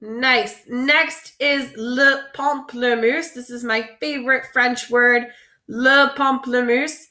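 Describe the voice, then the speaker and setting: A woman French teacher leading a vocabulary lesson, slowly drawing out each word for students to repeat. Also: high voice, steady tone, sharp tone, reverberant. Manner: slow, drawn-out modeling of words for repetition.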